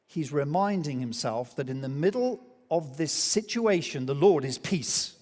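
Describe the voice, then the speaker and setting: A male pastor delivers an animated sermon and often slips into quoted voices as he tells the story. His voice sits a little high for a man. It rings out with a long reverb from the church hall. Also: a little slow. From England.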